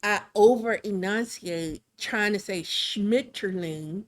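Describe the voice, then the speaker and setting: A woman's voice: mid-range voice, slow. A woman streaming live while drawing, chatting casually in a rambling, chatty way with frequent laughs. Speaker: live-streaming digital artist.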